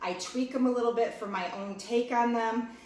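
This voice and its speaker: A woman's voice: a little high, fairly even intonation, normal speed, darkish tone. A woman chatting casually to viewers while she cooks at home, tasting food and walking through a recipe. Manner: talkative, talks while cooking and tasting food. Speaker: home cooking vlogger. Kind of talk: chatty cooking demo. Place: home kitchen. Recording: echoey kitchen, mic a bit far off, clear background noise.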